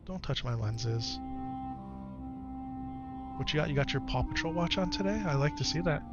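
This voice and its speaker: An American man in his thirties chats casually on a home live stream, his voice pitched a little high. He speaks gently and patiently to his child, then turns lively with his viewers, with clear music playing under him. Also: moderate pace, lo-fi sound. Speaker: streamer and father.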